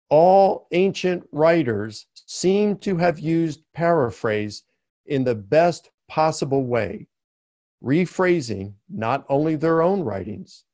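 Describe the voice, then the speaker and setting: A man giving an academic lecture in a webinar, explaining slowly and deliberately and stressing key words with sharp rises. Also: a little high, no echo, studio quality.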